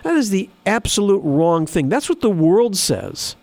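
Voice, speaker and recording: A man's voice: high voice, very animated, measured pace, a little mellow, dry recording. A man preaching a sermon in an earnest, emphatic way, repeating phrases for stress. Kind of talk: sermon with scripture reading.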